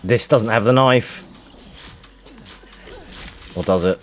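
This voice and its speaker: A man giving frustrated, swear-heavy live commentary while speedrunning a game, muttering to himself and shouting at the game. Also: lowish voice, slow pace, soft background music. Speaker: speedrunner streaming.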